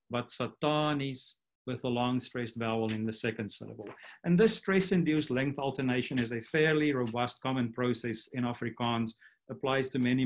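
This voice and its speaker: A man delivers an academic lecture over a computer mic on a video call. He explains at an even, methodical pace, with a middle-pitched voice and the occasional restart. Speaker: linguistics lecturer. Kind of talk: academic online talk.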